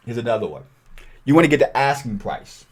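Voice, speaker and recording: A middle-aged man teaching a cold calling script in an energetic, emphatic way, sometimes acting out sample lines for callers. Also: mid-range voice, a little fast. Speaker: real estate investing coach. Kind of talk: training video walkthrough.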